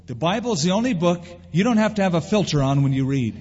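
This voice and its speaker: A man preaching a sermon, his voice sitting a little high and slightly husky. He is animated and slips into little quoted voices as he goes. The sound is dull and lo-fi, with long reverb trailing off a big hall. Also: fast, few pauses. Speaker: pastor. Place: church sanctuary.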